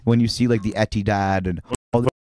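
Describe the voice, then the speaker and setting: A man's voice: lowish voice, fairly even intonation, a little fast, darkish tone, slight background noise. A man talking as a podcast guest in casual chat, telling long stories full of fillers. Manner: talkative, filler-heavy storyteller.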